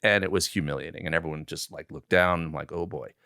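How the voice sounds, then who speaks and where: A man's voice: low-pitched, fast talker, clean tone, dry recording, studio quality. A man in his sixties, a film director guest, telling stories in an interview and acting out the lines people said. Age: 60s. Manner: animated storyteller who acts out quoted lines. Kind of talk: interview storytelling.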